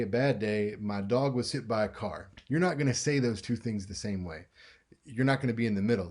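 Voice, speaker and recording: A man teaching a recorded class lecture in a conversational way, acting out example lines with lively shifts in tone. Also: mid-range voice.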